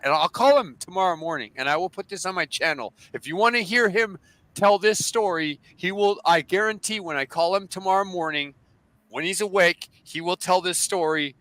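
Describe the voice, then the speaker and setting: An American man casually telling a rambling, profane story on a livestream, animated and full of restarts. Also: sits high, brisk, no echo, low-quality recording. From United States.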